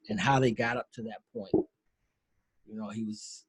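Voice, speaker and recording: A man hosting a casual podcast over a video call, rambling with enthusiasm about what he loves. His voice has a slight husk at a middle pitch, and the sound is dry and close. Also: fairly even intonation, normal speed, a little mellow, breathy edge, dry recording, poor audio. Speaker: podcast host. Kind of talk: casual commentary.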